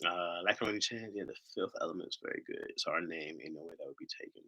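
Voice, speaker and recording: A man's voice: sits low, fast talker, sharp tone, slightly rough. A man from Ohio hosting a live stream, rambling in casual chat, joking and swearing freely.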